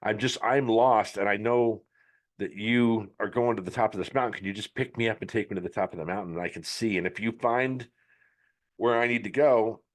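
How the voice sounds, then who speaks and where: A man voicing a sly, treacherous snake in a spoken fable, talking in a calm, matter-of-fact way. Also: lowish voice, a little fast, close to an everyday voice. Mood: coaxing.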